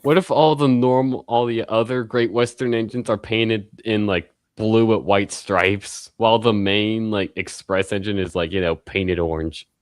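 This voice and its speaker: A man's voice: lowish voice, fairly even intonation, a little slow, hardly any pauses, smooth, no echo. A young man streaming, chatting casually in a rambling way with lots of fillers and little laughs.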